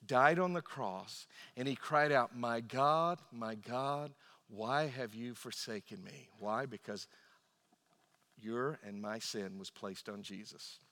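A male pastor delivers an emphatic sermon, acting out little voices as he goes. His tone is bright and forceful, lifting and falling with his points. The sound rings with the long reverb of a church hall. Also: mid-range voice. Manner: emphatic preaching, voice rising and dropping, acts out quoted voices.

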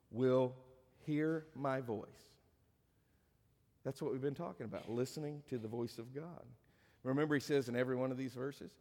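A man's voice: mid-range voice, a little mellow, big-room sound. A middle-aged male pastor preaching a conversational sermon to a congregation, with dry joking asides. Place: church sanctuary.

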